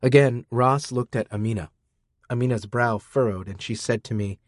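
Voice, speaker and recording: A man narrating a first-person audiobook in a dry, deadpan manner. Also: mid-range voice, normal speed, no echo.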